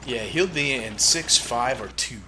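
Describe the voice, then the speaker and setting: Animated man streaming a game. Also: mid-range voice, unhurried, noisy background. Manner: excitable, profane, joking. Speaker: gaming streamer. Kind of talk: casual let's-play commentary.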